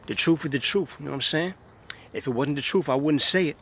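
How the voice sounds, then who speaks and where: A man's voice: a little high, fast, a bit bright, breathy edge. A man talks straight to camera in an emphatic, scornful rant. He circles back to the same points again and again, pressing each one hard. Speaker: vlogger. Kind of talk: ranting monologue to camera.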